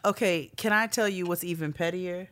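Animated woman podcast co-host. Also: lowish voice, moderate pace. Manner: animated, laughs often, drops to a whisper for asides. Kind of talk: casual chat.

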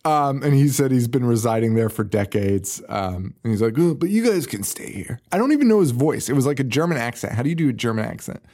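Talking fast with hardly any pauses, this podcast co-host recaps a horror movie scene by scene in a medium-pitched, slightly mellow voice full of lively intonation, cursing frequently, laughing and mimicking characters.

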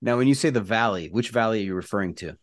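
A man's voice: lowish voice, quick pace. A middle-aged man from Southern California, hosting a podcast and asking easygoing, conversational questions. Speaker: podcast host. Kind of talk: casual interview.

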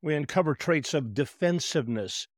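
A man, a therapist guest on a podcast, telling stories in an animated way and acting out conversations with clients. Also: on the high side, moderate pace, no echo, studio quality. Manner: animated storyteller, acts out client dialogue. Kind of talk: podcast interview.

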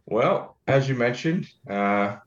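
A man's voice: medium pitch, lively intonation, slow, a little hiss or hum. Laid-back Australian man, echoey lo-fi. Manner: joking, laid-back, swears casually. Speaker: guest, ad consultant. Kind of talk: casual interview chat.

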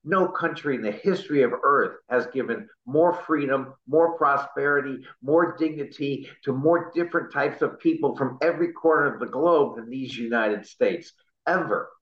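A middle-aged man, an interview guest, speaking earnestly and with deep feeling, at times close to choking up. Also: normal speed, reverberant, muffled recording. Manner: impassioned, patriotic, choked up at times. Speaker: interview guest, party chair candidate.

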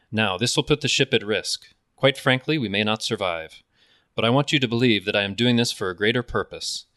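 A man's voice: fairly low pitch, fairly bright tone, no echo, clean studio sound, natural voice. A man doing an impression of a commanding older male starship captain, giving a formal, earnest speech.

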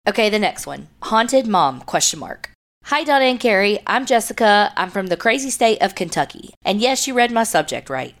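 A woman co-hosting a podcast, reading listener letters aloud in a plain, steady voice and chatting between them. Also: mid-range voice, moderate pace. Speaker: podcast co-host.

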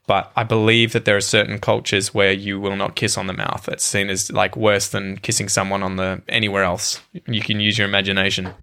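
A man's voice: fairly low pitch, little pitch movement, a little fast, gravelly, hardly any pauses, pushed and bright. A man in his thirties with an Australian accent, a guest chatting casually on a podcast, hedging and poking fun at himself. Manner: chatty, hedging and self-deprecating. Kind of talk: casual chat.

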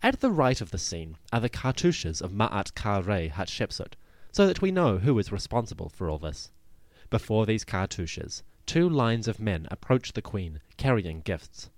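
Male history podcast host: low voice, animated delivery, dry close sound, wry asides. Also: normal speed, no room sound. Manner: lively storytelling with wry asides. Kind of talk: scripted history narration.

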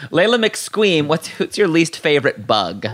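A man's voice: a little high, sing-song, a bit bright. Campy guy hosting a podcast, voice bouncing all over, playful. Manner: playful, campy, quick to react. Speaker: podcast host. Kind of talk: casual chat.

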